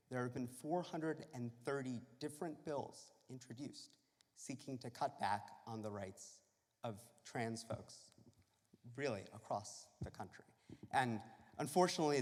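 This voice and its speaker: A man giving an earnest, measured speech at a celebration, with some fillers. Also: medium pitch, darkish tone. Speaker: state civil rights official. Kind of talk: public speech. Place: church. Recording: reverberant church hall.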